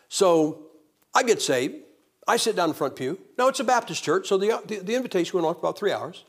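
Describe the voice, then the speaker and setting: A man preaching a revival sermon, telling his own testimony in an animated storytelling way that swings from loud to hushed. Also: sits high, fast, slightly rough.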